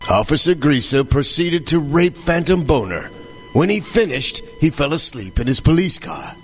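A man narrating a scripted comedy sketch in a deadpan, matter-of-fact way. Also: on the high side, moderate pace, slightly rough, soft background music.

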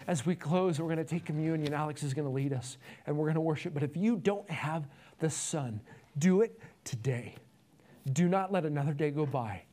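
A man's voice: fairly high pitch, moderate pace, darkish tone. A male pastor telling an illustration story and closing his sermon with earnest appeals.

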